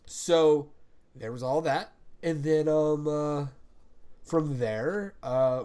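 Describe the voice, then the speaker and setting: A young man with a mellow, mid-range voice hosts a casual podcast chat. He rambles, swears freely and slips into impressions.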